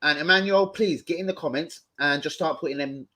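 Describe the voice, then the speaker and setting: Excitable sweary man hosting. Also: on the high side, brisk. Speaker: host of a football fan show. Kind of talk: casual livestream chat.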